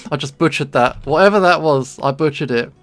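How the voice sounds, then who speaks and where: A streamer from England with a London accent, chatting casually and rambling while drawing, self-deprecating and quick to laugh. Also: mid-range voice, slight background noise. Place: home streaming setup.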